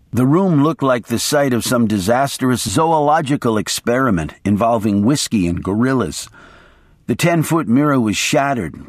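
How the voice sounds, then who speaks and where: Male audiobook narrator, dramatic first-person delivery, very animated pitch. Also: no room sound, studio quality. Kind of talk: audiobook reading.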